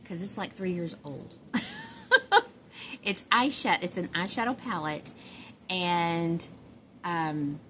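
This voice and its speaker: A woman's voice: fairly low pitch, slow, long pauses, a bit bright, a little hiss or hum. A middle-aged woman with a Southern US accent, chatting casually to camera in a rambling, giggly way with lots of fillers. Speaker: doll collector vlogger.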